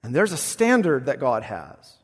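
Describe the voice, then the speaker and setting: A male pastor preaching a sermon, expressive, swinging between loud passages and hushed ones. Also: mid-range voice, moderate pace, breathy edge, in a large hall.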